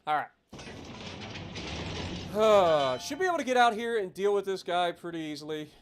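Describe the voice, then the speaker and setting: A man streaming live gameplay, commenting casually and breaking into loud, profane rants. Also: sits high, big pitch swings, normal speed, noisy background. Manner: profane, swings into loud ranting. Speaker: gaming livestreamer.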